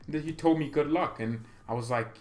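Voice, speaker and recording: A man's voice: a little high, brisk. A young man hosting a livestream for a fan channel, chatting casually and reading out viewer comments, with frequent stammers and laughs. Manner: rambling, stammering, laughs often, reads chat aloud.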